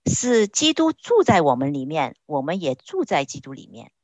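Lively woman interpreting a sermon. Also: low voice, normal speed, no echo. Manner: searching for words, with frequent hesitations.

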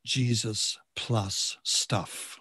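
A man preaching a sermon in short, measured phrases, pausing so an interpreter can follow. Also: lowish voice, steady tone, pushed and bright, husky, no room sound, clean studio sound.

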